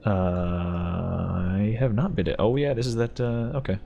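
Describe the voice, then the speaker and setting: A man with a lowish, dark voice speaks unhurriedly with a steady tone and vocal fry. He hosts a channel reviewing game ships and gives casual commentary while touring one, rambling, cracking jokes, and laughing a lot. The sound is lo-fi with a bit of hiss or hum.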